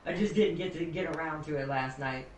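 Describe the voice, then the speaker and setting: A man's voice: fairly high pitch, fairly quick, a loud crowd. A man chatting casually with friends on a gaming stream, rambling and laughing often. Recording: distant mic in an echoey room.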